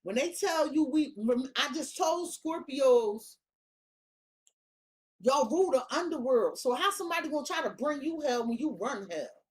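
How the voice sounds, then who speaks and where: High-voiced woman, tarot reader, casual monologue, slangy and emphatic with lots of cursing. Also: animated, moderate pace. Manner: blunt, profane, slangy and emphatic.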